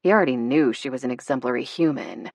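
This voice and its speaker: A woman reading a romance audiobook in an expressive, measured storytelling manner. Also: a bass voice, no room sound, clean studio sound. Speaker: audiobook narrator. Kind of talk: scripted narration.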